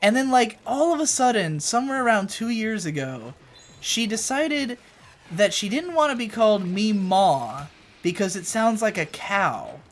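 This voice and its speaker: A man's voice: high-pitched, sing-song, measured pace. A young man co-hosting a casual gaming chat at home, rambling through a story with loose swearing and jokey exaggeration. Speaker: co-host. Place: home room.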